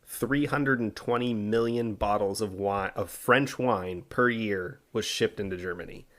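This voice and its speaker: Low-voiced man narrating history casually. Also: unhurried. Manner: relaxed storytelling with fillers and asides. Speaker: podcast co-host telling the story.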